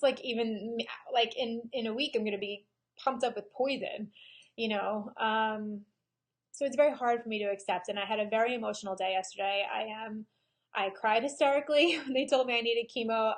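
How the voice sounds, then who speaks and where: A woman photographer speaking candidly and emotionally in a personal video diary, pausing often with "um". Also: medium pitch. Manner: frank and emotional, with frequent pauses and "um"s. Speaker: photographer and vlogger.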